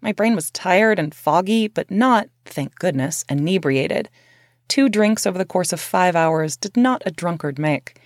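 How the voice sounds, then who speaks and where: A woman's voice: on the low side, animated, a little slow, no room sound, clean studio sound. A woman reading her memoir aloud as narrator, in a candid, conversational way with casual swearing.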